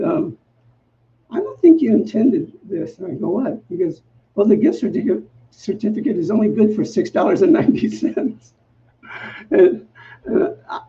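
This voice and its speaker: A male minister telling a personal story in a sermon, acting out the dialogue in a lively, self-mocking way. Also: high voice. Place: church sanctuary. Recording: muffled recording with faint background noise.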